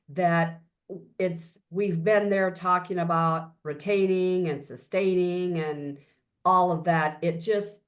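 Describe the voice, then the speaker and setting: A woman co-hosting a panel discussion, measured and encouraging. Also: on the low side. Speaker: co-host.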